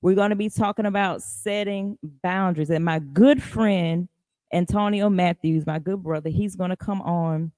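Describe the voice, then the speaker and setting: A woman hosting a live podcast in a casual, chatty way, greeting viewers by name and rising high in pitch for emphasis. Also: normal speed, darkish tone, no room sound. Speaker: podcast host.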